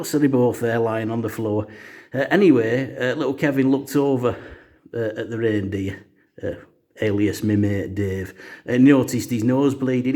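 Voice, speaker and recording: A man's voice: medium pitch, flat delivery, normal speed, a little mellow. A man telling a comic story in a casual, rambling way, full of "uh" fillers. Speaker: storyteller host.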